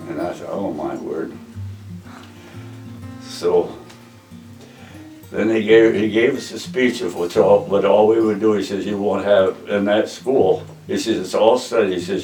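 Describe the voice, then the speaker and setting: A man's voice: fairly low pitch, darkish tone, reverberant, recorded from a distance, low-quality recording. An older man, a veteran, telling his army story in a plainspoken way, often repeating "he says" as he retells conversations. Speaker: veteran interviewee. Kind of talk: oral history storytelling.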